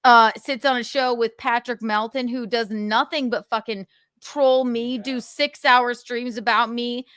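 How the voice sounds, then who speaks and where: A fairly high-voiced woman hosting a casual gossip livestream, indignant and quick to swear. Her voice is recorded close and dry, with almost no room sound. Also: steady tone, fairly bright tone, smooth, no echo. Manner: indignant, swears a lot, reads out texts. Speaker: livestream host.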